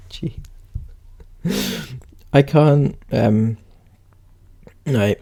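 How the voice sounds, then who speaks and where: A man's voice: medium pitch, extremely slow, vocal fry, pauses often, warm tone. A young man giving sarcastic, mocking commentary as he reacts to a social media post. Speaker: commentary YouTuber.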